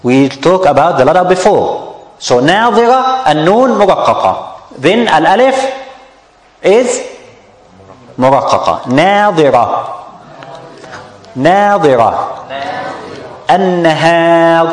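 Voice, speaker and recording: Slow, patient tajweed teacher in an echoey hall. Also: male voice, fairly high pitch, very animated. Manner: slow, patient, repeats each word several times. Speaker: Quran recitation teacher. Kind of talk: tajweed lesson with recited examples.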